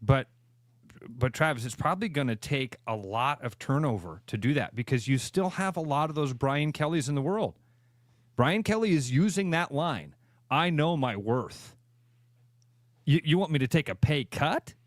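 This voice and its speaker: A man's voice: a little high, expressive, normal speed, dry recording, studio quality. A man co-hosting a radio show, talking casually and emphatically, repeating phrases to drive a point home. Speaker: radio co-host, realtor. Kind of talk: casual sports radio chat.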